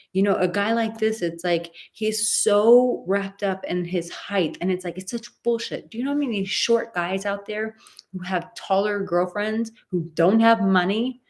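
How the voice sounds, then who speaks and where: A woman dating coach giving emphatic, rambling advice in a live stream, often going off on tangents. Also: fairly low pitch.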